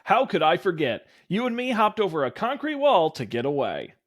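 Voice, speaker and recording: A man's voice: sits high, wildly swooping pitch, moderate pace, heavily acted. A man voicing a friendly, laid-back dad from a dating game, reading his lines in an earnest, easygoing way. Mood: nostalgic.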